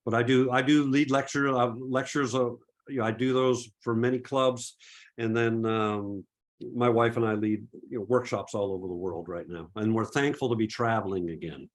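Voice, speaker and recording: Middle-aged guy from massachusetts, no accent, mid-pitched voice, chatty webinar q&a, lots of restarts. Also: steady tone, moderate pace. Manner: easygoing, chatty, frequent restarts and fillers. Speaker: photography presenter.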